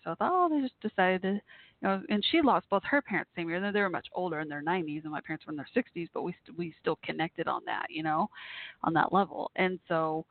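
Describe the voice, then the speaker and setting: A woman's voice: lowish voice, no echo. Emotional woman host on a phone line. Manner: halting and emotional, many fillers and restarts. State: near tears. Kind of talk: call-in radio talk show. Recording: tinny phone-line audio.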